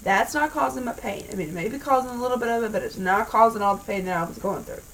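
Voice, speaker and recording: A woman vlogger tells a story in a rambling, exasperated way and swears freely. Her voice sits a little high. She sounds somewhat distant from the microphone. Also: fast, slight background noise. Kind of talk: casual storytime vlog. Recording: voice a bit far from the mic.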